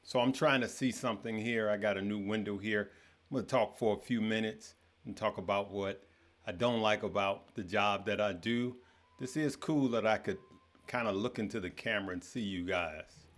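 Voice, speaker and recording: Speaking at normal speed in a voice on the low side, this adult livestream host, a father, chats loosely with his audience. He welcomes viewers by name, trips over some names, and leans on fillers often.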